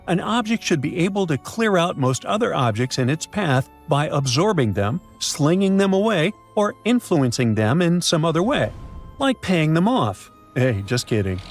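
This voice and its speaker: A man giving scripted science narration in a dramatic, playful way with jokey asides. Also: on the high side. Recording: faint music behind.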